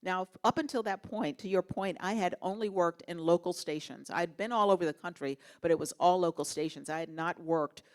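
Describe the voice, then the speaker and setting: Earnest woman telling her story, lowish voice. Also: a little fast, hardly any pauses. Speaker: guest speaker. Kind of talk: storytelling in an interview. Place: university lunch talk event.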